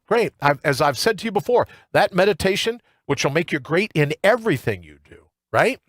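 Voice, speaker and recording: A man hosting a morning talk show in a studio, ranting in an animated, colloquial monologue full of asides. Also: high voice, brisk, few pauses, no echo. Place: radio studio. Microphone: studio microphone with earpiece.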